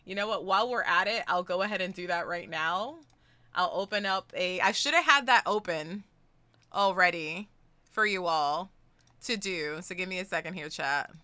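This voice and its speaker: Hosting a charity stream, a young woman chats casually with her viewers, excitable and quick to curse, moving between relaxed talk and squeals. Her voice is on the low side yet very bright and clear. She is miked close in a dry recording.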